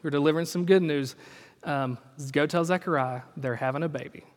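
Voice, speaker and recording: A man voicing God as a calm, casual male boss, giving offhand instructions in a lowered, quieter tone. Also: brisk, big-room sound, natural voice.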